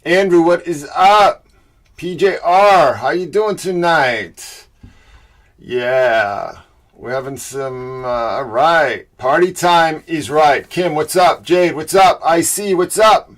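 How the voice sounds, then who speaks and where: A man's voice: fairly high pitch, slow pace, a bit bright. A middle-aged man from the Boston area with a Boston accent, casually greeting chat viewers by name as he opens his livestream. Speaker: livestream host.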